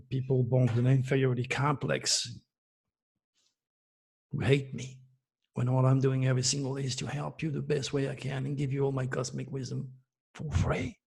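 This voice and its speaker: A man's voice: mid-range voice, vocal fry, darkish tone, husky. A man in his seventies with a French accent, giving a boastful, preachy monologue to his viewers as an astrologer host. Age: 70s.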